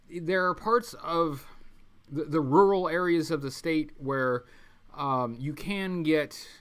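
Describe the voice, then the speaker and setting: Male streamer host, casual chat, bright voice, a bit high, stumbles and restarts a lot. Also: clean tone. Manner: rambling, many ums and restarts, reads chat aloud. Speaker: livestream host. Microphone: webcam mic.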